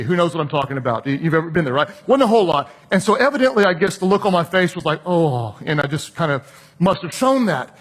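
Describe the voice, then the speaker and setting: Man, preacher, high voice, chatty storytelling sermon, acts out the people he quotes. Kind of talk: sermon illustration.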